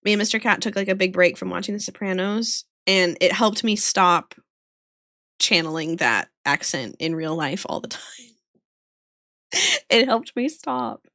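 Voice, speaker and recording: A woman's voice: fairly low pitch, moderate pace, bright, forceful tone, no room sound, clean studio sound. A young woman from the American South with a slight Southern accent and a touch of New York, chatting casually and giggling with viewers while drawing on a livestream. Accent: slight Southern US with some New York vowels. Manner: giggly, laughs often, chatty. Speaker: streamer drawing art live.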